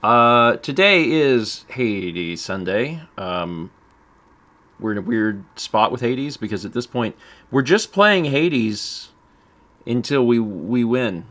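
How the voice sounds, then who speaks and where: A man's voice: mid-range voice, animated, takes it slowly, fairly bright tone. A man chatting casually on a game stream, rambling and amused, with frequent fillers and asides.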